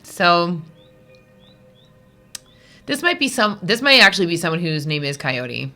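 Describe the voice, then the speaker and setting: Woman tarot reader, low-ish voice with a bright edge; chatty, digressive, emotional, reading casually to viewers. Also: big pitch swings, measured pace, soft background music. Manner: chatty, rambling, digressive with many fillers; emotional, easily moved.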